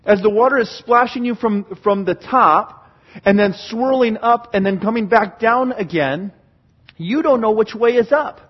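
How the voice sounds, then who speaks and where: A man preaching a sermon in an earnest style, swinging from hushed passages to fervent ones. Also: high voice, a little slow, highs cut off. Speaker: pastor.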